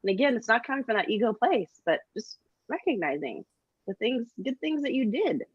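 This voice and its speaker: A woman's voice: fairly high pitch, sing-song, a little fast, breathy edge, no echo. A middle-aged woman co-hosting a casual motivational chat, upbeat and encouraging, with many fillers. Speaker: co-host. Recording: dull dry lo-fi sound.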